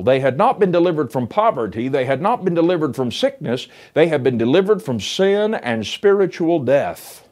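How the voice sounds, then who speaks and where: A man preaching a sermon, building to emphatic lines and dropping to hushed ones, reading scripture aloud. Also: fairly high pitch. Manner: reads scripture in King James English.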